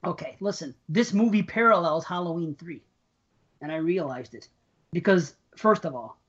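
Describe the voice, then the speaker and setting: A woman co-hosting a casual movie podcast, telling animated, profane stories about films she loves. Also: lowish voice, moderate pace, slightly rough. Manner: animated, profane, chatty storyteller. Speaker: podcast co-host. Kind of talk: casual movie discussion chat. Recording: dull lo-fi recording.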